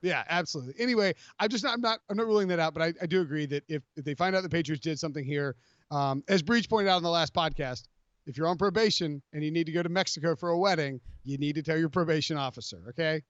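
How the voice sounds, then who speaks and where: Animated male sports podcast host. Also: a little high, fast, no room sound, lo-fi sound. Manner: rambling, animated, slips into mock voices. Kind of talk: casual sports chat.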